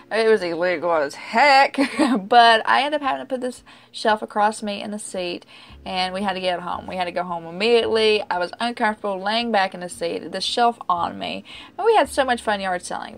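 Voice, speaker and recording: A woman narrating her own DIY furniture makeover in a chatty, rambling way and laughing at herself. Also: a little high. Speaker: DIY vlogger. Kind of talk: casual DIY vlog narration.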